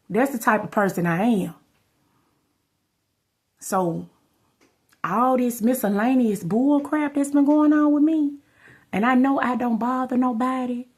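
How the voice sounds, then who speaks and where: Her voice a little high, a female vlogger rambles through a casual, off-the-cuff story on camera, repeatedly turning to her audience with "y'all" and "you know what I'm saying."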